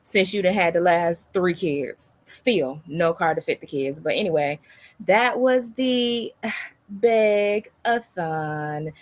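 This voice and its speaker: Blunt, mocking woman reaction host. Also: on the low side. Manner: blunt, mocking, profane, calls listener "baby" and "girl". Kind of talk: casual reaction commentary.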